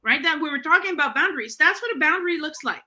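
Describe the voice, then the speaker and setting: A middle-aged woman telling a story in casual conversation, animated and acting out the voices she quotes. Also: high voice, quick pace. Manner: animated, acts out quoted voices in her stories. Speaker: author and guest on a talk show.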